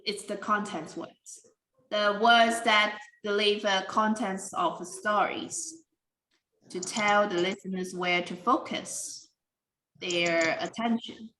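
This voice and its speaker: A woman teaching English pronunciation in a careful, deliberate way, with simple non-native grammar. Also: mid-range voice, fairly even intonation, sharp tone, echoey room, a little hiss or hum, poor audio. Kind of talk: slow classroom explanation.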